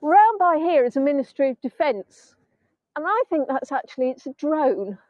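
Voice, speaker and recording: A woman's voice: sits high, big pitch swings, moderate pace, darkish tone, no room sound. A middle-aged English woman guiding a live virtual tour from the sand dunes. She chats to viewers, mocks herself and breaks into bits of song. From England. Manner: chatty, self-mocking, breaks into snatches of song. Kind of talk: casual live-stream chat. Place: outdoors in sand dunes by the sea. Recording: dull, dry phone-stream audio.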